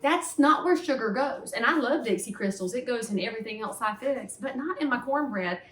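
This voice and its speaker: A woman's voice: a little high, animated, brisk, a bit bright, far from the mic. Chatty Southern woman cooking in an echoey kitchen. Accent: Southern American. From Southern United States. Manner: folksy, opinionated, chatty. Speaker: cooking show host. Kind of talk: casual cooking demonstration. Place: home kitchen. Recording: roomy, mic some way off, faint hiss.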